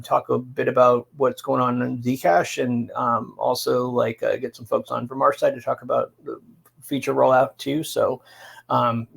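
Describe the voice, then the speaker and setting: Gravelly, husky man hosting a call. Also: mid-range voice. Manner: relaxed, many "um"s and "uh"s. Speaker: call host. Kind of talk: casual community call.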